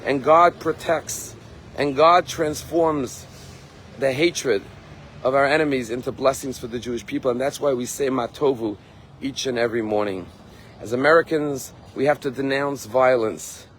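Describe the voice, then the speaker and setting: A man, a rabbi, giving a sermon and telling a story, earnest, slowing down and lifting his voice to stress key words. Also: medium pitch, a bit bright, a little hiss or hum. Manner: earnest, slows and rises for emphasis.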